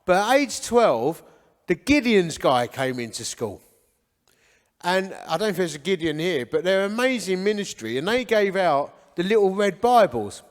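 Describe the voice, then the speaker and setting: A man's voice: high voice, sing-song, moderate pace, big-room sound. Essex man giving his life testimony. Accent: Essex English. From Essex, England. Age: 40s. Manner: storytelling, conversational and earnest. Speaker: men's ministry founder speaking at church breakfast. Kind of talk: testimony talk. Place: church hall.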